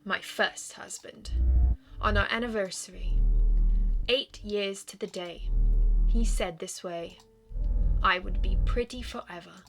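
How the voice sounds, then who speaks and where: A woman voicing a refined, sad female vampire ghost as she reads a game's dialogue aloud in a soft, formal, melancholy way. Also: mid-range voice, slow, pauses often, music in the background. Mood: wistful. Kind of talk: reading game dialogue aloud.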